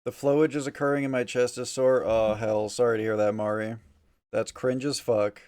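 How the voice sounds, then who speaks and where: A man's voice: fairly low pitch, brisk, darkish tone. A man streaming from a small, hot room at home, chatting casually with his viewers in a joking, foul-mouthed, teasing way. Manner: joking, profane, teasing chat. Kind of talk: casual livestream chat.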